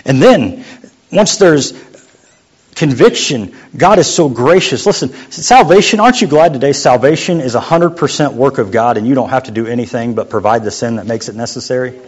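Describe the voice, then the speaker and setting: A young adult man preaching a sermon as a youth pastor, in a conversational, joking way that sometimes drops to a quiet voice. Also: medium pitch, expressive, moderate pace, slightly rough. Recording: muffled lo-fi sound.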